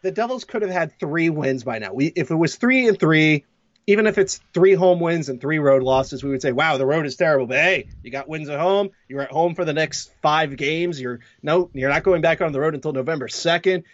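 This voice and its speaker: A man's voice: fairly high pitch, brisk, no room sound. A man with a slightly raised voice rants sarcastically about hockey in casual podcast chat. The recording is dry and a little dull, with no room sound around him. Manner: sarcastic, ranting, animated. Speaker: hockey blogger, podcast co-host.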